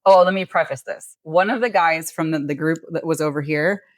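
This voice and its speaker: A woman's voice: deep voice, brisk, dry recording. A woman hosting a podcast, telling a story in casual chat, acting out dialogue and swearing freely. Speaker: podcast host.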